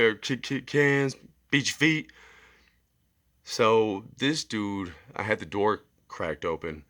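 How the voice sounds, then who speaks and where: A young man rambling through a story in a casual monologue, often asking "right?". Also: on the low side. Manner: animated, acts out screams and quotes. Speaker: vlogger.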